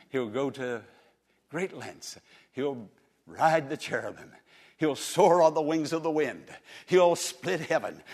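A man's voice: mid-range voice, slightly rough. A man preaching a sermon to a congregation, with impassioned swings in volume and repeated words. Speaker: pastor. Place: church service.

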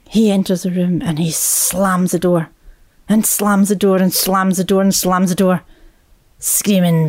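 A woman, a mother, telling a personal story in a reflective way, often dropping to a hushed whisper. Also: on the low side, steady tone, measured pace, no echo.

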